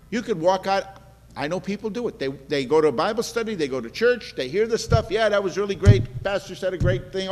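A man's voice: high-pitched, long reverb tail. A man preaching a sermon to a congregation in an earnest, conversational way, often repeating himself for emphasis. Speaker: pastor.

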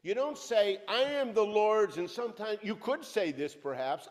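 Male pastor, middle-aged, high-pitched and fervent, preaching in a church with a long hall reverb. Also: animated, moderate pace, few pauses. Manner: fervent, emphatic preaching that rises and drops sharply. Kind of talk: sermon. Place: church sanctuary.

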